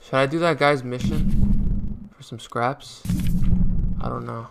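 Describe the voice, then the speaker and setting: A man's voice: mid-range voice, steady tone, takes it slowly, vocal fry, heavy background noise. A young man commentating a horror video game, jumpy and talkative, addressing the viewers as y'all and swearing when startled. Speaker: gaming youtuber.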